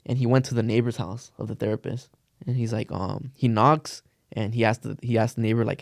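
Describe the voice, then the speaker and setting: A man's voice: fairly low pitch, steady tone, fairly quick, gravelly, no echo, studio quality. A young man casually telling a long story on a podcast, rambling with lots of "like" and cursing slang. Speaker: podcast co-host.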